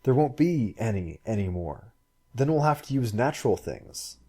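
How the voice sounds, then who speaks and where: A man reading a story aloud and voicing a brisk, forthright young woman who speaks quickly and emphatically. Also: mid-range voice, sing-song, mellow. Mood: insistent. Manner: quick, emphatic and sometimes scornful.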